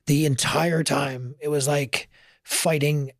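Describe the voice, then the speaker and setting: A man's voice: fairly high pitch, steady tone, slow pace, vocal fry, no echo, clean studio sound. A man telling his story in a casual interview, earnest and emotional, at times choking up. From Canada. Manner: earnest, emotional, gets choked up. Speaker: firefighter guest.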